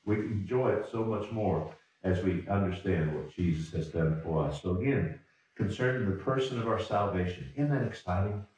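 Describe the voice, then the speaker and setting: A pastor with a low, darkish voice speaks at normal speed, recorded from afar so the church sanctuary sounds roomy. His sermon is folksy and repetitive, with frequent word restarts and chuckles.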